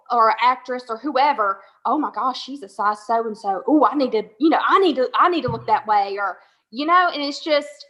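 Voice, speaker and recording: A woman with a bright, somewhat high voice joins a casual panel discussion. She hedges thoughtfully and keeps circling back to make her point.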